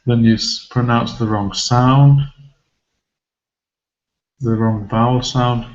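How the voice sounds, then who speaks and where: A man's voice: mid-range voice, steady tone, slow pace. A man teaching English pronunciation, taking his time and going through each point step by step. He repeats example words and puts questions to his learners. His voice sounds slightly dull and muffled, as if captured on a modest classroom recorder.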